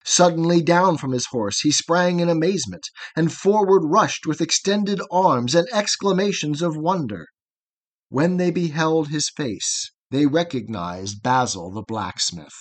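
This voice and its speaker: A man narrating an epic poem for an audiobook, reading in a measured, rhythmic way. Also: a little high, lively intonation.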